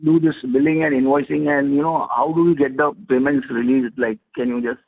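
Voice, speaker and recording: A man asking halting, filler-heavy questions as an analyst on an earnings call. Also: mid-range voice, level tone, gravelly. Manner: halting, many fillers and restarts. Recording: phone-like conference line.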